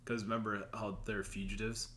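A man's voice: fairly low pitch, level tone, brisk, pushed and bright, slight background noise. A man in a casual chat about films, laid-back, giving short replies and laughing easily.

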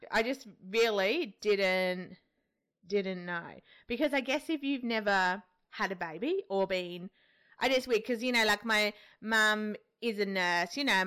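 A woman's voice: medium pitch, a bit bright, clean tone. A young woman, a midwife co-hosting a podcast, chatting casually and acting out what people say to her. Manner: chatty, laughs often, acts out quotes. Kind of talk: casual chat.

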